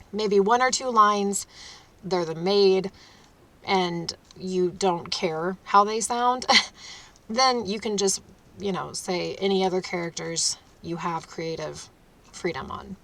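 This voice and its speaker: A woman's voice: mid-range voice, bright, forceful tone. A woman who narrates audiobooks, giving an instructional talk to authors in an emphatic manner with short laughs.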